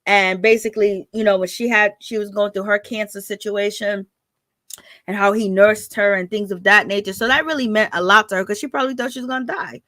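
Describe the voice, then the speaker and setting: A woman's voice: medium pitch, fairly even intonation, a little fast, fairly bright tone, no room sound. A woman giving a casual gossip commentary as a reality TV recap vlogger, chatty and slangy, laughing often.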